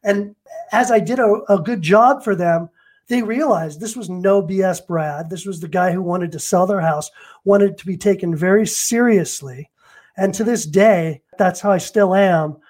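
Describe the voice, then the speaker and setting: High-voiced, animated man in his 50s. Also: measured pace. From Los Angeles. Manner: energetic, acts out phone calls and quotes. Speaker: real estate agent and coach. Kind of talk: interview guest, storytelling.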